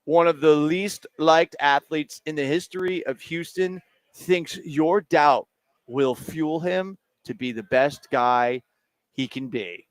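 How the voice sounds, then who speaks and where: A man's voice: fairly high pitch, slow pace, clean tone, no room sound. A man hosting a sports talk show from a bar, chatting casually and jokily while reading out listener messages. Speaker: sports talk radio host.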